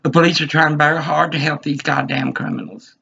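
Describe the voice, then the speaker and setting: A man's voice: on the high side, steady tone, fairly quick, gravelly, pushed and bright, slightly rough. A man in his fifties giving an agitated, rambling monologue, repeating himself as he vents. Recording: dull lo-fi recording.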